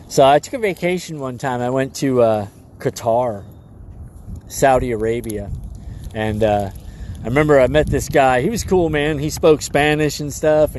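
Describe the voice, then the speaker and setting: A man hosting a live stream, rambling through an animated story with lots of fillers. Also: medium pitch, a little hiss or hum.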